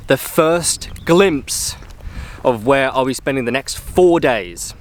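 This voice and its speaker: Speaking slowly with lively intonation, a mid-range-voiced hiker vlogs to a handheld camera on a coastal trail. The casual travel vlog is chatty and upbeat, peppered with fillers.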